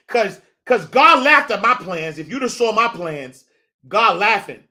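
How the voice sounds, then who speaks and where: A man hosting a motivational faith talk. He speaks in animated, repetitive, preacher-like build-ups, uses street slang and calls his listeners y'all. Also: sits high, measured pace. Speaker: host.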